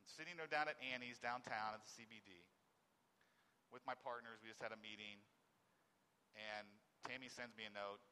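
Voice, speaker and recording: A man in his forties giving a personal testimony. He swings between loud emphasis and very quiet, halting speech. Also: mid-range voice, steady tone, big-room sound, slight background noise. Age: 40s.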